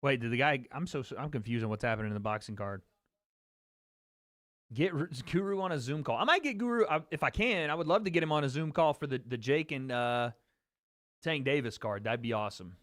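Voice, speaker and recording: Lively in intonation and a little fast, this man speaks in a mid-range, fairly bright voice over clean studio sound with no echo. As a livestream host, he chats casually and straight to viewers about a fight, joking and repeating things.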